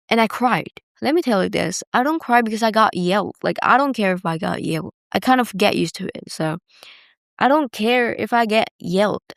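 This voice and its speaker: Candid young woman with vocal fry. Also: medium pitch, no room sound, clean studio sound. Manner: candid, rambling, heavy use of "like". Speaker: podcast host. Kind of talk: casual solo confessional talk.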